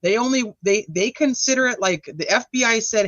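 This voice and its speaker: Man, live stream host, casual rambling chat, higher voice, muffled dry sound. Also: fairly quick, hardly any pauses, a bit bright, no room sound. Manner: chatty, rambling, affectionate sign-offs.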